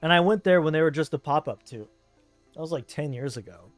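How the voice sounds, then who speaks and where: A man from Southern California, speaking with that region's accent, streams a game and rambles along in laid-back, casual chat. His voice is a little high and fairly quick, with faint music behind it.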